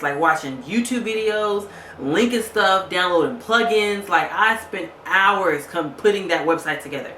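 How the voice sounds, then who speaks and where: A woman's voice: lowish voice, expressive, measured pace, bright, forceful tone, echoey room, slight background noise. A woman vlogger telling a story casually, angry and fed up, retelling a phone call with lots of quoted back-and-forth.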